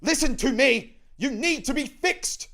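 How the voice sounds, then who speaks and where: Man doing a shrieking female constable, very high-pitched, furious, shouting orders, wildly swinging pitch. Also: expressive, measured pace, gravelly, heavily acted.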